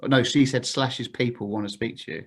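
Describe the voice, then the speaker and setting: A man's voice: medium pitch, steady tone, brisk. A man, a podcast guest, telling anecdotes in a laddish, chatty way full of fillers. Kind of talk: casual storytelling.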